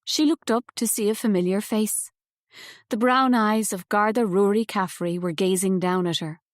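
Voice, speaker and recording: Here an audiobook narrator, a woman with a medium-pitched voice, reads scripted narration in an even, measured way. The studio recording is close and dry.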